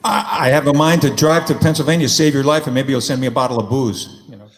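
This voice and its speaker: A man in casual chat on a live video call, quick and wry, with laughing asides. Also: medium pitch, big-room sound. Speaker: musician guest.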